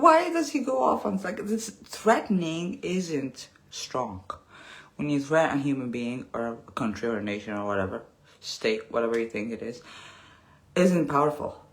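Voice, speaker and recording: Animated, sarcastic woman in her late thirties. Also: sits low. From Texas. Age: 30s. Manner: sarcastic, rambling, laughs often, drops to whispers. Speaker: vlogger. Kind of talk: casual storytime rant.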